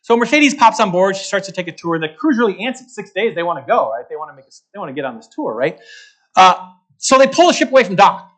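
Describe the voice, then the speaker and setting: Man, luncheon talk, high voice, lively pitch swings, keeps asking okay. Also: quick pace. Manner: animated, repeats key points, asks "okay?" often. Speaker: guest speaker, market strategist. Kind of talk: luncheon talk to a club audience.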